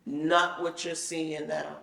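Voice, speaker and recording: A woman telling her own story in a casual chat, animated and acting out the conversations she retells. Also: low voice, slow, creaky. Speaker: guest telling her experience. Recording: roomy sound, mic at a distance.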